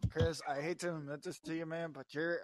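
A man hosting a casual sports podcast, telling stories in an animated way and laughing often. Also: fairly high pitch, fairly quick. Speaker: podcast host. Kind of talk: casual chat.

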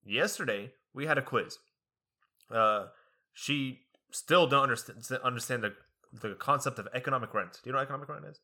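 Young male student, bright and punchy tone, animated, exasperated storyteller. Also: mid-range voice, normal speed. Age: young adult. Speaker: college student. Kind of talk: casual chat.

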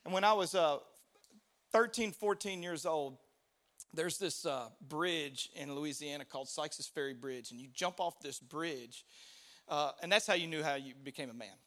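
A middle-aged man preaching a sermon, an animated storyteller who laughs and shouts out the lines he quotes. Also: on the high side, normal speed. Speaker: pastor.

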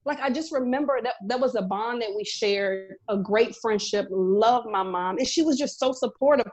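A young adult woman co-hosting a casual podcast chat, telling animated stories and acting out quoted dialogue. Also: on the high side, moderate pace. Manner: animated storyteller, acts out quoted dialogue, says "girl" often. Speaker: podcast co-host, chef.

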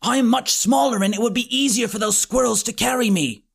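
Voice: mid-range voice, fairly quick, gravelly, breathy edge. A narrator voicing a small, cocky, salty boy hero in an audiobook, sulky and impatient.

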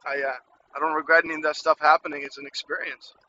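A man's voice: fairly high pitch, flat delivery, fast, sharp tone, dull audio, a little hiss or hum. A man from Ukraine telling a childhood story in a candid, rambling way, full of "you know" and "like". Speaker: storyteller sharing a childhood memory. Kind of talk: casual personal storytelling.

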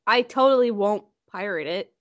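A woman at a middle pitch co-hosts a podcast in easygoing talk. She swears casually and laughs along with her partner. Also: expressive, moderate pace.

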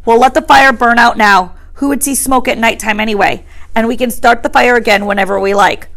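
A proud, scornful boy leader who hands out orders, as a woman reads him aloud. He sounds loud, high and sure of himself. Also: a little fast. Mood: commanding.

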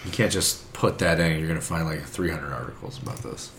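A very deep-voiced man riffing through casual podcast talk with crude, offhand banter. His voice carries a roomy echo and a faint ambient hum behind it, as if recorded outdoors. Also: fairly quick, a bit bright. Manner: loose, profane banter. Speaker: podcast co-host. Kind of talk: casual chat. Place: outdoors on a summer day.

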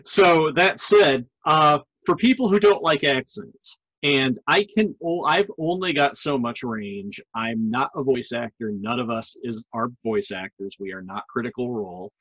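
A man's voice: mid-range voice, a little slow, few pauses, a bit bright, no room sound, rough recording. A middle-aged man hosting a podcast, chatting casually in a joking manner. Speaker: podcast host. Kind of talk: casual chat.

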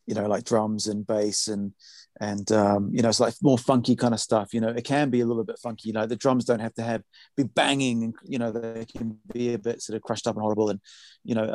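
A man's voice: mid-range voice, a little mellow, dry recording, clean studio sound. A man, a music producer, talking in a rambling casual podcast chat full of fillers.

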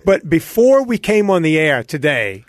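A man's voice: a little high, normal speed. A man from Louisiana telling stories on a podcast as a guest. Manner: storytelling, animated anecdotes. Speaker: guest, fitness trainer. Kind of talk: casual podcast chat.

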